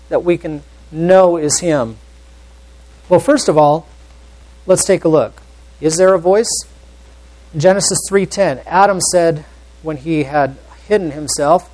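A man's voice: fairly high pitch, measured pace, pauses often, low-quality recording. A man preaching a sermon and reading scripture aloud in an earnest, questioning way, sometimes dropping almost to a whisper. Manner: varies loudness widely, drops to near whisper.

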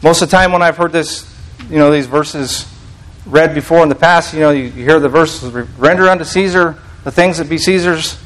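A man's voice: fairly high pitch, normal speed, a bit bright, low-quality recording. A man preaching a casual teaching sermon, reading scripture aloud and explaining it in a conversational, restarting manner.

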